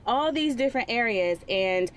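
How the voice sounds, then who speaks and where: A woman's voice: a little high, expressive, moderate pace, a little hiss or hum. A young woman from California co-hosting a podcast, chatting casually with lots of fillers. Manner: chatty, many fillers, laughs. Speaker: podcast co-host. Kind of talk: casual chat.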